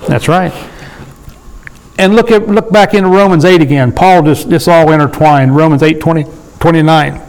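High-voiced man preaching to a small group. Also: darkish tone, rough recording. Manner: conversational, asks the room for agreement; slows down to read scripture aloud. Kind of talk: bible study sermon.

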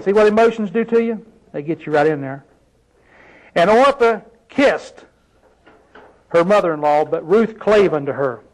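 High-voiced man preaching with emphasis. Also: low-quality recording. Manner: emphatic, rhetorical questions to the congregation. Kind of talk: sermon.

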